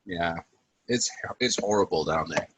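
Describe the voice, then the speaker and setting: Low-voiced, easygoing man, halting. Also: noisy background. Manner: easygoing, halting, repeats words. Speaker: podcast co-host. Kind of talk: casual chat.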